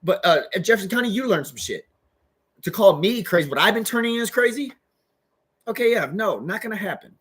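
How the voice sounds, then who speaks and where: A man's voice: sits high, animated, a little fast, a bit bright, husky. A man giving an agitated, rambling monologue as a vlogger, swearing heavily. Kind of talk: profane ranting monologue.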